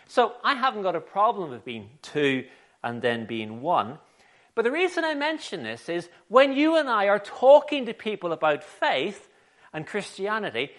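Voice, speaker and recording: A man preaching a sermon in an animated, conversational storytelling way. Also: high voice.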